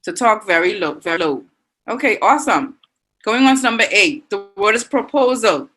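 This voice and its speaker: A woman teacher with a Bahamian accent, leading an online class and warmly reading out and praising students' answers. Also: mid-range voice, lively intonation, normal speed, rough recording. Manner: encouraging, reads students' answers aloud with frequent praise.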